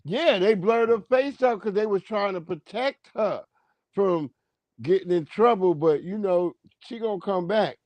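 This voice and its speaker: Profane, animated man hosting a livestream. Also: high-pitched, measured pace, no room sound, lo-fi sound. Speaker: livestream host. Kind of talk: casual chat.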